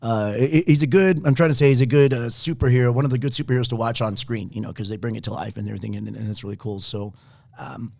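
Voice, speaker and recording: A man's voice: medium pitch, steady tone, fast talker, gravelly, darkish tone, no echo, clean studio sound. A man co-hosting a casual podcast chat, rambling with lots of fillers and frequent laughs. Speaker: podcast co-host.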